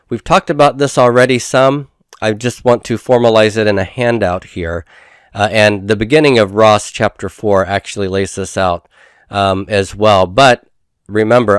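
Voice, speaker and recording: A man lecturing on Hebrew grammar in a methodical way, repeating terms slowly with frequent fillers. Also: on the low side, clear, resonant tone, no echo, clean studio sound. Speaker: Hebrew instructor. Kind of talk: recorded classroom lecture.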